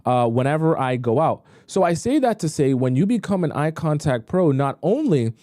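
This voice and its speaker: A man's voice: a little high, big pitch swings, moderate pace, warm tone, no echo, studio quality. A man, a dating coach, chatting emphatically on a live stream as he reacts to clips.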